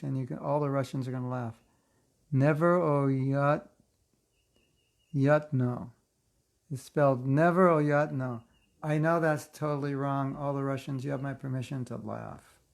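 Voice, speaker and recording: Seated in a chair, a man with a gravelly, mid-range voice leads a casual online scripture class. He reads passages aloud and breaks off into chatty, joking asides.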